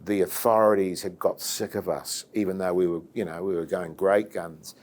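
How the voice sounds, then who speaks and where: A man's voice: low voice, steady tone, moderate pace, a little mellow. A man, giving dry remarks in an interview. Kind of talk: documentary interview.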